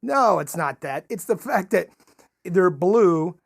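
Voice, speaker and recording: A podcast co-host in casual chat, playful and quick to laugh while bringing up odd foods. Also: medium pitch, animated, gravelly, breathy edge, no echo, studio quality.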